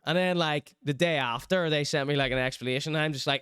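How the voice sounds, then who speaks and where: A man's voice: fairly high pitch, brisk, smooth, no room sound, clean studio sound. A man with a Northern Irish accent hosting a show in casual chat, telling stories animatedly and slipping into other people's voices. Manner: animated storytelling with put-on voices. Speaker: show host.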